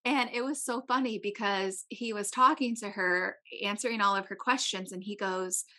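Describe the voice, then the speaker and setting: A woman telling a story in casual chat, acting out the people she quotes with big jumps in her voice. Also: normal speed. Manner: animated, acts out quotes with big pitch jumps.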